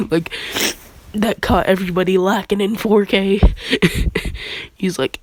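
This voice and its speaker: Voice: mid-range voice, steady tone, takes it slowly, vocal fry, pauses often, slightly rough. A young adult with a congested voice, rambling through an improvised fan story in slangy casual talk. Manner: rambling, slangy, often breaking into laughter.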